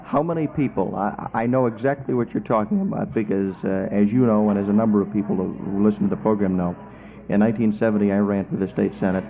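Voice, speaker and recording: A man's voice: on the low side, steady tone, quick pace, phone-quality sound. A man hosting a radio interview, asking probing questions in a conversational way.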